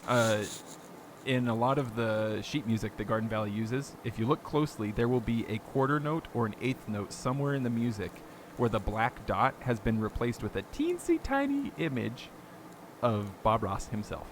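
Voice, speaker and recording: A man's voice: medium pitch, animated, normal speed, slight background noise. A man hosting a podcast, talking casually and rambling, often laughing as he tells stories. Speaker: podcast host.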